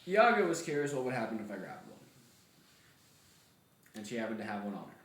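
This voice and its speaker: Man player, lively pitch, roomy echo, off-mic. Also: fairly quick. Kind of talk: casual tabletop game chat. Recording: roomy sound from a distance.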